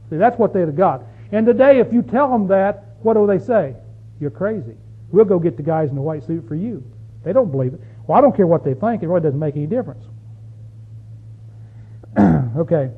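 A man preaching a sermon, reading scripture slowly and emphatically, folksy, putting questions to his listeners. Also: high voice, slightly rough. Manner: folksy, asks the audience questions. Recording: tinny, phone-like recording.

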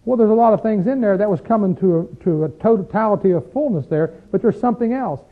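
A man whose voice sits high talks fast while leading an interactive Bible study, teaching with emphasis and asking the group questions. His voice rises on stressed points, and the audio is tinny and phone-like.

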